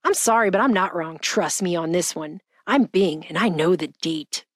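A woman's voice: fairly low pitch, normal speed, slight background noise, close to an everyday voice. Stubborn chatbot, read by a woman. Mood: insistent. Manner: insistent, repetitive, falsely polite. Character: stubborn, self-righteous chatbot.

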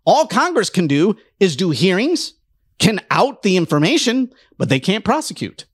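A man's voice: sits high, very animated, normal speed, slightly rough, no echo, clean studio sound. A man delivering an impassioned political rant, heated and emphatic, mocking his opponents in quoted voices. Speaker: political commentator.

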